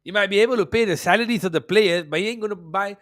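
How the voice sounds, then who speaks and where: A man's voice: sits high, fast, fairly bright tone, dry recording, studio quality. A man hosting a football podcast, delivering a profane, mocking rant. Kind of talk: ranting football commentary.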